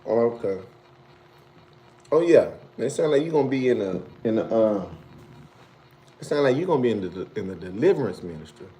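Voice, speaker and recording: A man hosting a casual live stream, reading viewer comments with loose slangy talk and frequent laughter, jumping to a high incredulous pitch when he teases. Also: very animated, brisk, long pauses, warm tone.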